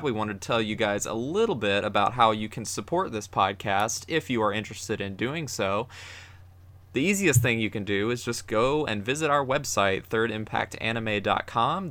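A man's voice: lowish voice, pushed and bright. A man co-hosting a podcast about anime, chatting casually and upbeat as he plugs the show. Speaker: podcast co-host.

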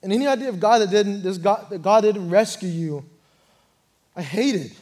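A young man preaching an earnest sermon testimony, telling his story and swelling louder at key moments. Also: high-pitched, normal speed.

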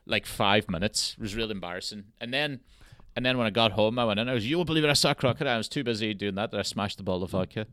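A man hosting a podcast, telling stories in a casual, animated way and swearing freely. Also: on the low side, fast talker, hardly any pauses, smooth, dry recording, studio quality. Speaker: podcast host. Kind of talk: casual chat.

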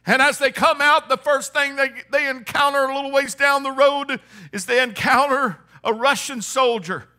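An older male pastor preaches a fervent sermon, moving between shouted peaks and hushed low passages and repeating phrases for emphasis.

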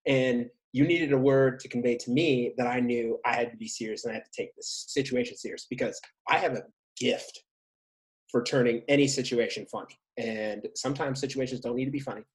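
A man chatting casually with his partner as podcast co-host, jokey and playful, poking fun at himself. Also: mid-range voice. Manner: jokey, playful, self-mocking.

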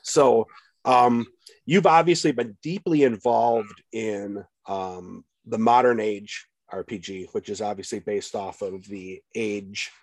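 A man with an American Midwest accent hosts a relaxed podcast conversation. His voice sits fairly low, and he talks haltingly, filling pauses with ums and restarting his sentences. The sound is dry and close, with no room echo. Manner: halting, many fillers and restarts. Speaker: podcast host. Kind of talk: casual interview chat.

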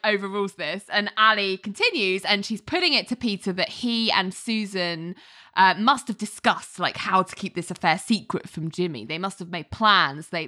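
British woman, podcast host, casual recap, bright voice, swooping animated delivery, laughs a lot. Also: medium pitch. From Britain. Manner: animated, laughs often, acts out characters' lines. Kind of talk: casual chat.

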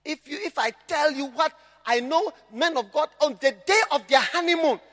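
A male pastor preaching a sermon, impassioned and often shouting, sometimes mimicking his listeners. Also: very high voice, moderate pace, in a large hall.

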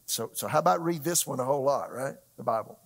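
A middle-aged man preaching a sermon as pastor, conversational and halting, with frequent fillers and restarts. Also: mid-range voice, lively intonation.

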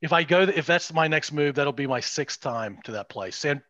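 A man's voice: a little high, expressive, moderate pace, sharp tone, no echo. A middle-aged man co-hosting a podcast, chatting casually and rambling with restarts and asides. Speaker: podcast co-host. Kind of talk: casual chat.

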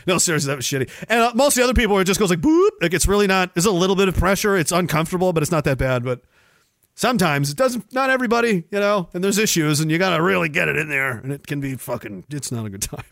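A man's voice: high voice, animated, fast, creaky, a bit bright, dry recording, studio quality. A man hosting a livestream, ranting sarcastically and profanely while reading viewer comments aloud. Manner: profane, sarcastic, acts out mocking voices. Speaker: livestream host.

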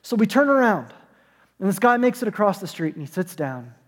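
High-voiced pastor preaching in a reverberant hall. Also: male voice, sing-song, fairly quick. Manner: storytelling, acts out voices in anecdotes. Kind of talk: sermon. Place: church, online service.

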